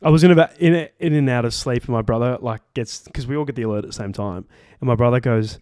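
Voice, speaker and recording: A man's voice: mid-range voice, fast talker, darkish tone, clean tone, dry recording. Rambling young Australian man, very dry. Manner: rambling, swears freely, heavy "like" and "um" fillers. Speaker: podcast co-host. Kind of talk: casual storytelling chat.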